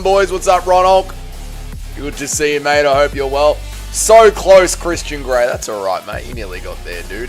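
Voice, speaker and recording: A hoarse man with an Australian accent hosting a casual livestream, reading viewer comments with loud, playful banter. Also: fairly high pitch. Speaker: livestream host.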